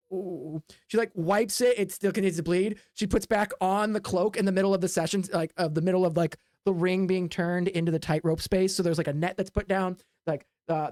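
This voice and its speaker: Dry, close, rambling game-master streamer. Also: male voice, high voice, dry recording. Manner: rambling, filler-heavy narration with quick voiced asides. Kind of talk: narrating a tabletop game on a live stream.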